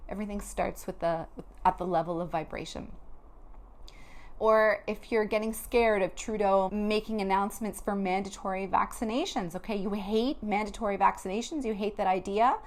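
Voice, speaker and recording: Earnest woman, spiritual vlogger, mid-pitched, heartfelt and unscripted. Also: steady tone, moderate pace. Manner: earnest, heartfelt, loose with many restarts. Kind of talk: earnest motivational talk to camera.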